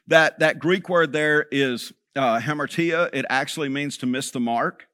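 A man's voice: fairly high pitch, measured pace, fairly bright tone, dry recording, clean studio sound. A man preaching a sermon as pastor, talking conversationally and checking in with the congregation.

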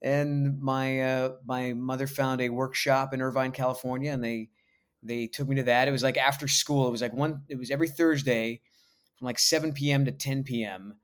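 A man in his forties from the United States, a voice actor telling stories in a casual interview, laid-back and halting, self-deprecating. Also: mid-range voice, steady tone, clear, resonant tone. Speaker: voice actor guest.

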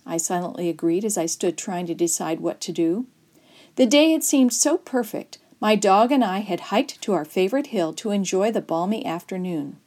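A woman reads a children's story aloud, gentle and expressive. Her voice sits at an ordinary middle pitch, and she storytells with care for young listeners.

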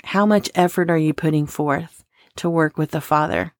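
A woman's voice: low voice, fairly even intonation, normal speed, no echo, clean studio sound. A woman giving an earnest, encouraging daily devotional talk, asking listeners to work with God. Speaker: devotional speaker.

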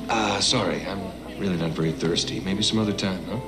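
Actor as an evasive, apologetic man with a very low voice, loud music underneath. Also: a little fast, natural voice. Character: reserved man on a work outing. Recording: TV clip with music behind.

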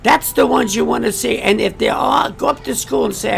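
A man's voice: very high-pitched, moderate pace, creaky, a little hiss or hum. A man giving a political commentary monologue, emphatic and repetitive, with rhetorical questions and asides to his listeners.

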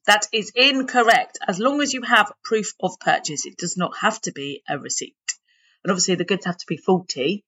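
A woman's voice: medium pitch, normal speed, a bit bright, husky, highs cut off. A British woman co-hosting a podcast, patiently explaining consumer rights in casual chat and laughing easily. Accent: British English.

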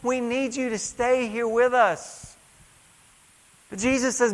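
A man's voice: extremely high pitch, fairly even intonation, slow pace, pauses often, in a large hall, poor audio. A male pastor preaching a sermon in a church, emphatic, repeating phrases and calling out for an "amen".

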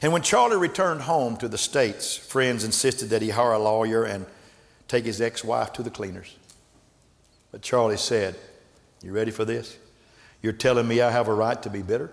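A man preaching a sermon as pastor, moving between quiet storytelling and shouted calls to the congregation. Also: mid-range voice, creaky. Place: large church hall. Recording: echoey church hall with congregation.

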